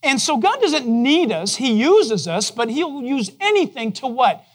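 A man preaching a sermon to his congregation in a conversational way, asking them questions and dropping to a soft, low voice for gentle moments. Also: very animated, measured pace. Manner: drops to a soft, low voice to quote God gently. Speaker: pastor. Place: church.

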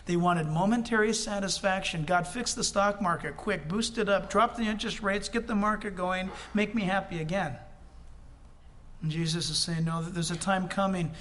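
Male preacher, high-pitched voice, impassioned sermon, chatty asides to the congregation. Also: fairly even intonation, normal speed, fairly bright tone.

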